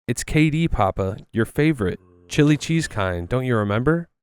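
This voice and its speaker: A man's voice: mid-range voice, lively intonation, normal speed, darkish tone, smooth, dry recording, natural voice. A man voicing a frightened eight-year-old boy with an odd foreign accent who pleads and clings. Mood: pleading.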